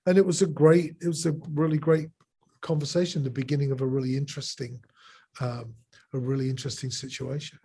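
A man's voice: medium pitch, level tone, brisk, gravelly, warm tone, a little hiss or hum. A middle-aged man and musician speaking as a podcast guest over a video call, reflective, often restarting and repeating words. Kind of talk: casual conversational interview.

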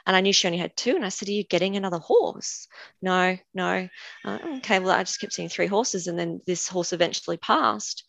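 A woman's voice: lowish voice, fairly quick, creaky, a bit bright. A woman with an Australian accent, a guest animal communicator who tells chatty stories and laughs often. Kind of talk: casual conversation.

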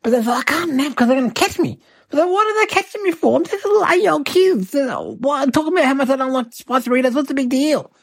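A woman's voice: high voice, animated, quick pace, dry recording. A woman voicing a cheeky eight-year-old boy who hosts and tells rambling, exaggerated tall tales. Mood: excitable. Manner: rambling, breathless, childlike exaggeration. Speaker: host. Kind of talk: comic storytelling monologue.

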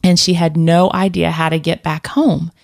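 A woman's voice: low-pitched, little pitch movement, moderate pace, gravelly, darkish tone. A woman telling a personal story in casual conversation, rambling with fillers and restarts. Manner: rambling, many restarts and fillers, laughs often.

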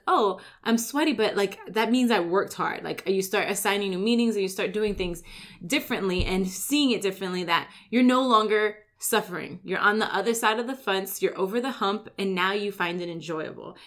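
A woman's voice: medium pitch, a bit bright. A woman who runs a gym, giving a casual motivational talk full of "like" and "right?" and acting out everyday complaints. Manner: chatty, fills with "like" and "right?"; acts out everyday complaints in quick asides. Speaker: gym owner and coach.

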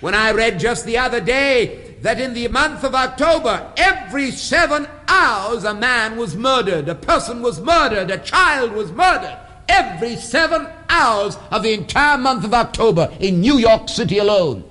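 A man's voice: extremely high pitch, lively intonation, normal speed, bright, forceful tone. A man preaching a sermon in a church, building emphasis through repeated phrases. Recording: long hall reverb.

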